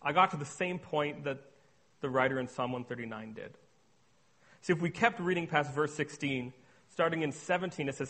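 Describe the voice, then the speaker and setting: A young man giving an earnest sermon-style testimony, moving between hushed and emphatic delivery. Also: fairly high pitch, normal speed. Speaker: speaker on addiction recovery.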